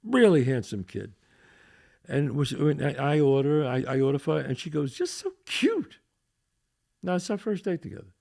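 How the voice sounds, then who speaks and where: Brief: male podcast host, gravelly and lively, spins anecdotes and plays every part. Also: on the high side, a little fast. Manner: animated storyteller acting out quotes. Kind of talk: casual chat.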